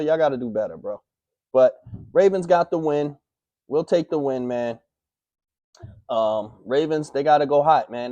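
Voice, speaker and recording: A man's voice: medium pitch, mellow, no echo, muffled recording. A man hosting a sports picks recap, talking in a heated, profane, slangy rant. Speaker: sports picks show host.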